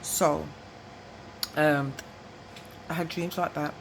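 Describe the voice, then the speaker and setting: A woman's voice: deep voice, steady tone, slow pace, gravelly, low-quality recording. Woman, middle aged, vlogging and rambling on, keeps going "you know what i mean", bit of faint noise behind. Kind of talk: rambling personal monologue to camera.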